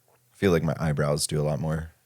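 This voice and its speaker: A man's voice: a bass voice, monotone, brisk, darkish tone. A young man co-hosting a podcast, chatting in an easygoing way and agreeing often. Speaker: podcast co-host. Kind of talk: casual chat.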